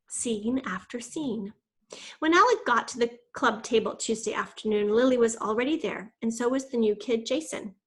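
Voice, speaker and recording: A woman's voice: on the high side, breathy edge. Woman reading a children's novel aloud. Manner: expressive, voices quoted lines. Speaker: reader.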